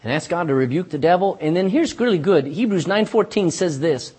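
A man's voice: on the high side, animated, a little fast, a little mellow, breathy edge. A pastor preaching a sermon in church, folksy and emphatic, talking straight to his congregation.

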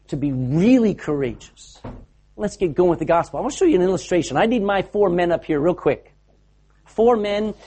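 A man preaching to a gathered audience in a fervent, urging way. His voice sits a little high and sounds husky. He calls out and directs volunteers between points. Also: darkish tone. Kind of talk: sermon. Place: hall with a live audience.

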